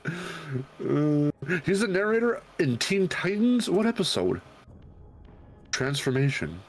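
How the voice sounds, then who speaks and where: A man's voice: fairly high pitch, sing-song, takes it slowly, breathy edge. A male streamer in casual chat who thinks aloud, rambles and swears freely.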